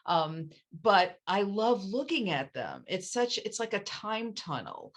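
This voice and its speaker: A woman's voice: medium pitch, sing-song, slow. A woman author chatting casually and animatedly, with many fillers and restarts. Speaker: author and interviewer.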